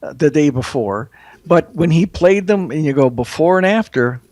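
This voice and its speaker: A man who is a guest author on a casual political talk show, telling stories with halting restarts. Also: on the high side, no echo. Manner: storytelling, lively, halting restarts.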